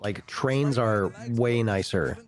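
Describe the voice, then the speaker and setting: A man's voice: fairly low pitch, expressive, slow pace. A Canadian man co-hosting a casual esports reaction stream, joking and ranting in loose banter. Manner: joking, ranting, acts out quoted phone calls. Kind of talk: casual chat.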